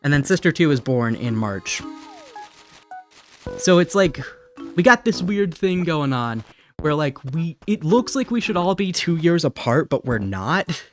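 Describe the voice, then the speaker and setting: 20s dude w a faint ohio accent, rambly streamer talk, cusses a lot, soft music under it. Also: male voice, fairly high pitch, very animated. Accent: subtle Ohio. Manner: rambling, swears freely, quick laughs. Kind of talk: casual chat while gaming.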